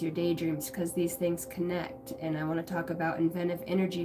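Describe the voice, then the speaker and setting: A woman gives a loose, rambling spiritual reading outdoors on a ranch, often searching for words and swearing casually. She sits well back from the microphone, and clear music plays behind her voice. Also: fairly low pitch, distant mic. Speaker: spiritual channeler. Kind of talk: livestream intuitive reading. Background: music, passing pickup trucks.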